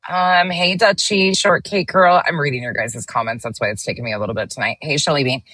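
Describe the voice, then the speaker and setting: A woman's voice: sits low, brisk, pushed and bright, no echo. A woman hosting a casual livestream, greeting viewers by name as she reads the chat and speaking bluntly, with the occasional swear. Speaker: livestream host.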